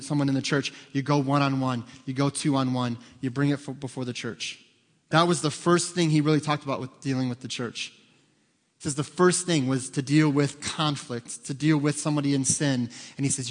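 A man preaching a sermon as pastor, earnest and pleading, lifting his voice when he quotes scripture. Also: mid-range voice. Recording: long reverb of a large hall.

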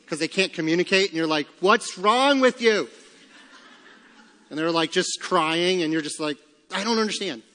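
A man in his thirties preaches to his congregation in a bright, high-pitched voice. He is earnest and pleading, sometimes dropping into hushed, low tones. His voice rings with the long reverb of a church sanctuary. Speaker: pastor. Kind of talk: sermon.

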